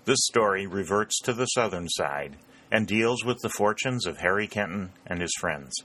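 Low-voiced man narrating an audiobook. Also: expressive, normal speed, pushed and bright.

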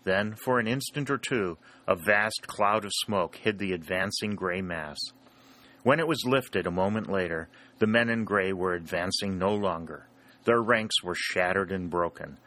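A male narrator reads a war adventure aloud in a steady, dramatic way. His voice sits fairly low. The tone is bright and pressed, with a forceful edge. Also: a little slow. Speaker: audiobook narrator. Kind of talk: scripted narration.

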